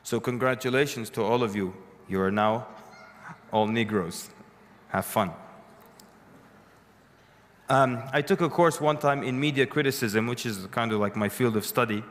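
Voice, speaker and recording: A man lectures before a live audience at a moderate pace, his mid-range voice a bit bright and broken by long pauses. He tells stories conversationally, with dry, humorous asides. Long lecture-hall reverb surrounds the sound.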